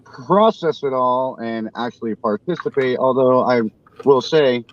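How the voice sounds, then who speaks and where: Forties man, slow halting chat. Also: medium pitch, no room sound, lo-fi sound. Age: 40s. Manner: halting, self-deprecating, restarts often. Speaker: show host. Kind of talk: casual live panel chat.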